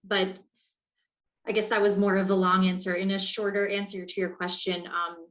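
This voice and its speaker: A woman in her forties from Maine, an executive director, giving measured interview answers with some fillers from a hotel room. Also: on the low side, fairly bright tone, low-quality recording. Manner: clear, measured explaining with fillers.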